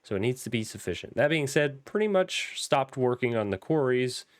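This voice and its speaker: A man's voice: medium pitch, big pitch swings, moderate pace, no echo, clean studio sound. A young man with a Southern accent, rambling through casual gameplay commentary with frequent ums and restarts. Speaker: Minecraft modpack let's player.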